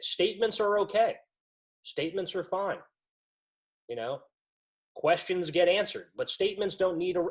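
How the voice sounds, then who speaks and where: A man training lacrosse officials in an instructional talk, lively and acting out what coaches say. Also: on the high side. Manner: lively, acts out quoted coaches.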